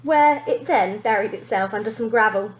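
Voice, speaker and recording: A woman teacher reading a children's storybook aloud, lively and expressive, pointing out the pictures. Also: medium pitch, normal speed, reverberant, low-quality recording.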